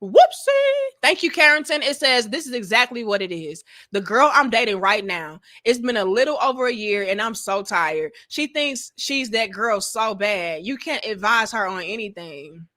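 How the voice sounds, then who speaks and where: A woman hosting a casual livestream, reading chat comments and giving blunt, profane, animated advice. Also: medium pitch, moderate pace, few pauses.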